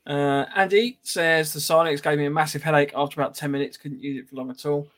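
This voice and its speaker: A man's voice: on the high side, fairly even intonation, fast talker, fairly bright tone. A man co-hosting a casual chat, plainly reading out viewer comments with a few fillers.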